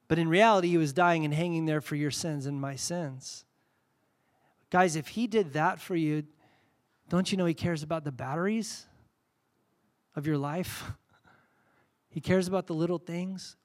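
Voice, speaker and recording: A man in his forties preaching a sermon, conversational and personal, swinging between soft intimate passages and loud fervent peaks. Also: a little high, lively intonation, moderate pace. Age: 40s. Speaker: pastor.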